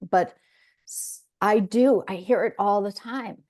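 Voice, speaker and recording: A woman's voice: medium pitch, slow, a little mellow. A woman hosting a podcast in casual chat, talking in an earnest, reflective way with frequent restarts. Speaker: podcast host.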